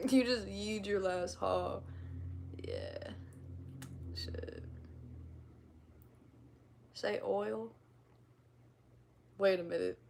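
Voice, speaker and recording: A woman's voice: mid-range voice, huge pitch swings, drawn-out words, gravelly, long pauses, darkish tone, a little hiss or hum. A woman from the American Midwest with a slight Midwestern twang, chatting casually on a livestream in a giggly, playful, self-teasing way. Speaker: streamer. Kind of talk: casual livestream chat reading comments.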